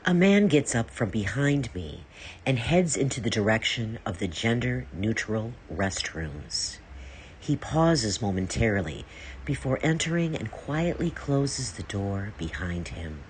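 A woman narrating a first-person story in an earnest, measured way. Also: very deep voice, big pitch swings, slight background noise.

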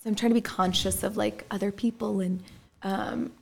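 A woman chatting casually, telling her story with blunt, animated energy. She swears freely and acts out what others said, her voice sitting at a mid pitch. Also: moderate pace, vocal fry, a little hiss or hum. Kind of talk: casual chat.

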